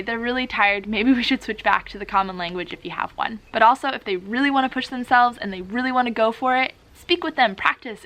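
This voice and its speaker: A woman vlogger who teaches languages talks straight to camera, cheerful and encouraging. Her voice is bright and a little high. She acts out short lines she might say to her students. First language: English. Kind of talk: advice vlog to camera.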